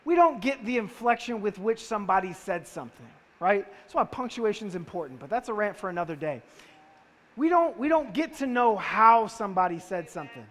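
A very animated man with a high, slightly bright voice preaches briskly. His sermon is conversational, and he keeps throwing rhetorical questions at the audience while a large hall's long reverb trails each line.

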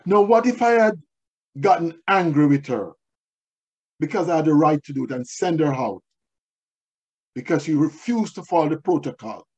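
A male pastor preaching a sermon in a slightly high, breathy voice. He tells stories from his own life and repeats his key words for weight. The recording is dull and lo-fi. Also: expressive, moderate pace, long pauses, a little mellow. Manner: repeats key phrases for emphasis; tells personal stories to make points.

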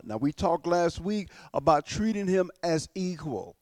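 A male pastor preaching a sermon to his church, emphatic and slowing down to stress key words, often repeating and restarting. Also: on the high side, sing-song, a little mellow, dry recording.

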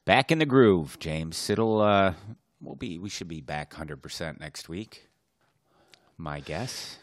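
A man's voice: deep voice, expressive, takes it slowly, no echo, studio quality. A man co-hosting a podcast in a laid-back casual way. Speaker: podcast co-host. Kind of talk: casual chat.

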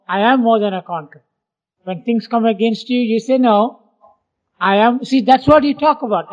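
A man leads an informal Bible class, speaking earnestly and with emphasis as he presses his points. His delivery is direct and conversational rather than polished. The recording sounds dull and lo-fi. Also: sits high. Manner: earnest, emphatic, acts out quoted voices. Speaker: Bible teacher.

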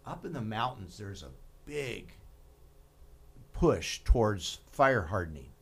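A man hosts a local radio talk show, his voice sitting a bit low. He is chatty and tells stories, laughing easily along the way. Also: very animated, slow pace, creaky, slightly rough.

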